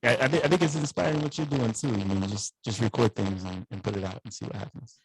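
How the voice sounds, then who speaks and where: A man's voice: medium pitch, fairly even intonation, fast talker, creaky, breathy edge, rough recording. A male teacher joining a podcast by video call from a school studio, laid-back and chatty. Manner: laid-back, says "man" often. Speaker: guest, teacher. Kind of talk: casual podcast chat over video call.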